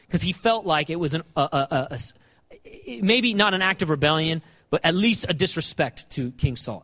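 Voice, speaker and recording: High-pitched guy preaching, animated, repeats himself a lot, long echo like a big church hall. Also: breathy edge. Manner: animated, repeats phrases and acts out scripture quotes. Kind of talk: sermon.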